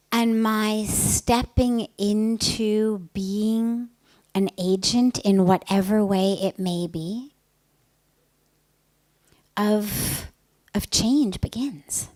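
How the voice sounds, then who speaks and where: A woman spiritual teacher giving a talk, telling a personal story in an earnest, emphatic way that now and then drops to a soft whisper. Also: mid-range voice, poor audio.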